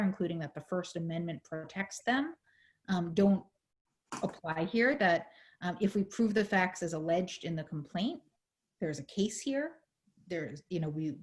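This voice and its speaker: Low-voiced woman, hoarse, explaining. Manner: measured, with frequent fillers. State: losing her voice. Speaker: legal advocate in a panel discussion. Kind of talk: explanatory panel talk.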